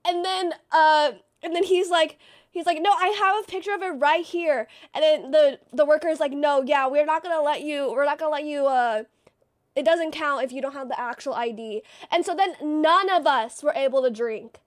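A woman's voice: sits high, normal speed. A woman livestreamer telling a story in casual stream chat, full of "like" and acting out what people said. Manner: chatty storytelling, acts out quotes; many fillers like "like".

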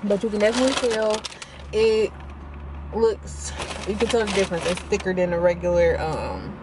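A woman's voice: mid-range voice, moderate pace. Chatty young woman vlogging in a noisy car. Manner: chatty, animated, talks to viewers as y'all. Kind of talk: casual food review vlog.

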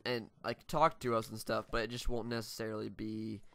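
Casual male gamer co-host, nasal, bright voice, loose and rambling. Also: fairly low pitch, flat delivery, fairly quick, gravelly, no echo. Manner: rambling, filler-heavy, laughs often. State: nasal, voice changed by a cold. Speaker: Minecraft channel co-host. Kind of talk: casual gameplay commentary.

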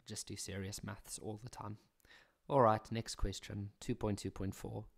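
A man's voice: lowish voice, flat delivery, moderate pace, vocal fry, slightly rough. A young South African man talking through maths exam questions in a chatty way, with jokey, self-mocking asides. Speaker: maths teacher. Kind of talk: casual maths exam walkthrough.

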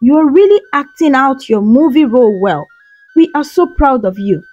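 A teasing, amused wife and mother, voiced by a woman storyteller. Her voice is fairly high and lively. Soft music sits underneath. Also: normal speed, dry recording, highs cut off.

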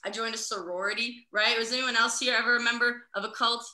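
Young woman stand-up from the Midwest, brash and profane; bright, slightly high voice in a roomy space. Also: steady tone, quick pace. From American Midwest. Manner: brash, profane, laughs through her jokes. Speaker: stand-up comic. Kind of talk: stand-up set over a video call. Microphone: video call. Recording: roomy echo.

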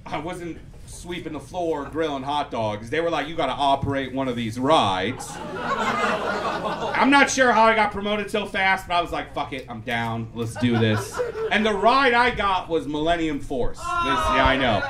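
A man telling a loose, rambling stand-up story on stage, breaking into loud punchlines. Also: sits high. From Persian heritage. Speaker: stand-up comedian. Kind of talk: stand-up comedy set. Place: comedy club before a live audience. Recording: live club audience laughter.

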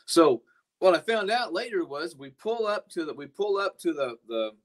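Earnest preaching man, slightly high voice. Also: animated, moderate pace. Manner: earnest, rambling with frequent restarts. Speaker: pastor. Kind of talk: podcast sermon talk.

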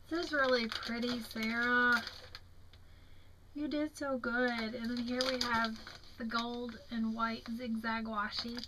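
A woman's voice: a little high, fairly even intonation, background noise. A young woman with a Southern American accent, tired, chatting admiringly as she shows off craft mail at home. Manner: chatty, admiring, slow and drawn-out. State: tired, yawning. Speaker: crafting vlogger. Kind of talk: casual show-and-tell of craft mail.

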